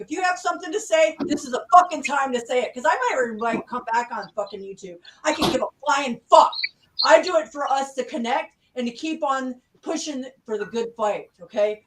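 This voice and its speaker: Woman, high pitch, constant profanity, angry ranting, distant mic, video call. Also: background noise. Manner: swears constantly in an angry rant. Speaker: channel host in a group live chat. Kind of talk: heated online group chat.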